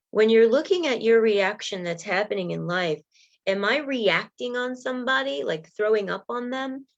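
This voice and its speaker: A woman coach speaks straight to her livestream viewers in a middle-pitched voice, animated and chatty. She slips into quick acted-out bits of dialogue to show her points. The audio is a little dull and lo-fi. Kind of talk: Facebook Live coaching talk.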